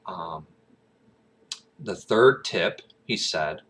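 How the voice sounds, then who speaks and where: Low-voiced Southern man rambling casually. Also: animated, very slow, fairly bright tone, a little hiss or hum. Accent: American Southern. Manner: rambling, many fillers and restarts; breaks into brief high-pitched accent imitations. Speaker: aspiring actor.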